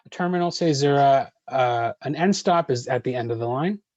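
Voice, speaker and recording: Measured man leading a poetry workshop. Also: mid-range voice, darkish tone, no echo, lo-fi sound. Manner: measured, with frequent ums and uhs. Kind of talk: online workshop talk answering questions.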